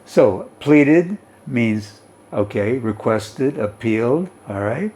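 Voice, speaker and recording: Slow, patient male English teacher. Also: medium pitch, lively intonation, darkish tone. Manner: reads aloud and explains, often checking with "okay?". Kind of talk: explaining a story in an English lesson.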